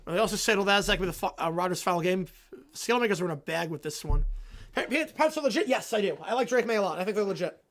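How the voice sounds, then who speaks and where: Excitable man ranting on a live stream. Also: quick pace. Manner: excitable, answers chat questions, swings from loud rants to low mumbles. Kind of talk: casual live reaction chat.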